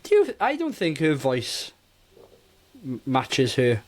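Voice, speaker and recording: A man co-hosting a casual movie review podcast, talking in an animated, rambling way and often interrupting himself. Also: mid-range voice, takes it slowly. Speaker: podcast co-host.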